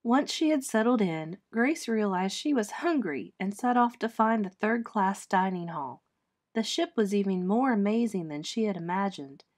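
A woman teacher reading a children's chapter book aloud with clear, expressive storytelling. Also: medium pitch, normal speed.

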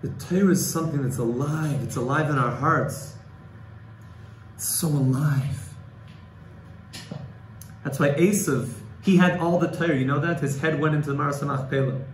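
A man's voice: on the high side, moderate pace, long pauses. A man giving a Torah class, emotional and pleading at times, quoting Hebrew and Aramaic texts. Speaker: Torah teacher. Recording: echoey room with faint ambient noise.

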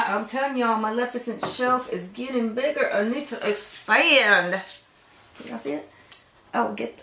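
Slow, gushing woman unboxing. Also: fairly high pitch, gravelly, pushed and bright, roomy sound, slight background noise. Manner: gushing, gasps often, drops to whispers. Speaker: vlogger unboxing a swap box. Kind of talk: casual unboxing chat.

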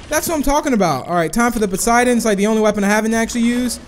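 A young man giving live commentary on a shooter game, excitable and chatty with viewers, bursting into whoas and cheers. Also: very high voice, racing, hardly any pauses, a little hiss or hum. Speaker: gaming YouTuber.

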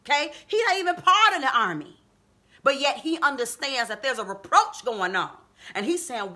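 A woman preaching a sermon, reading scripture and explaining it, then rising to high, emphatic calls to her listeners. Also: sing-song, moderate pace, sharp tone. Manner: reads scripture and explains it conversationally. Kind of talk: sermon on a live video stream.

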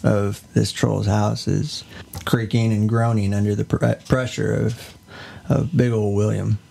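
A man's voice: on the low side, little pitch movement, unhurried, gravelly, mellow. A man co-hosting a podcast, telling a fairy tale in a laid-back, jokey way. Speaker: podcast co-host. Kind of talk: casual comedic storytelling.

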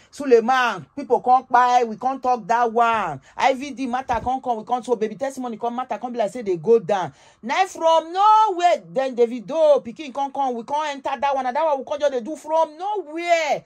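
Woman, Nigerian Pidgin accent, gossip vlogger, animated, emphatic, fairly high voice. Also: normal speed. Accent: Nigerian Pidgin English. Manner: animated, emphatic, tags sentences with "oh". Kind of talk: casual gossip storytelling.

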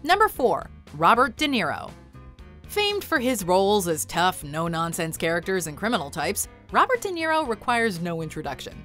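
A woman's voice: mid-range voice, moderate pace, soft background music. A woman narrating a countdown video in an upbeat scripted style. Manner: upbeat, lively list presenting.

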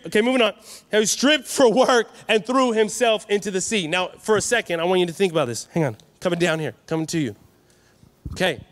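A man from California preaching a sermon at a youth conference, energetic and calling for answers from the crowd. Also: high voice. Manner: energetic, call-and-response with the crowd. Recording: reverberant hall.

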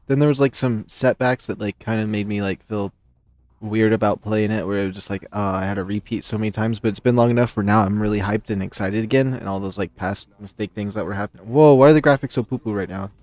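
A man commenting casually on his game run, rambling and excitable, recovering from a few sick days. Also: on the low side, fast talker, no echo. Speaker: gameplay commentator. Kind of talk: casual let's-play commentary.

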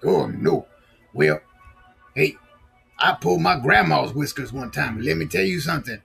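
Playful guy reading a story to kids, super gravelly and raspy, asks lots of questions. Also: fairly high pitch, big pitch swings, normal speed, a bit bright, faint music behind. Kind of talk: storybook read-aloud with asides.

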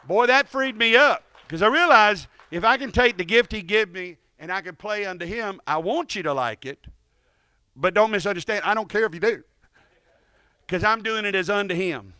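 High, bright man, folksy church guitarist, jokes and leads call-and-response, dry stand mic. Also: normal speed, clear, resonant tone, no room sound. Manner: joking, folksy storyteller. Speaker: guest guitarist at a church service. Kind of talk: testimony and leading a congregation. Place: church sanctuary, in front of a congregation. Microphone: microphone on a stand.

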